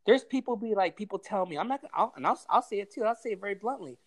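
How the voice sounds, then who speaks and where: A man's voice: sits high, lively intonation, fast. A man on a podcast giving a blunt, heavily profane pep talk in casual chat. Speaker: podcast guest giving advice.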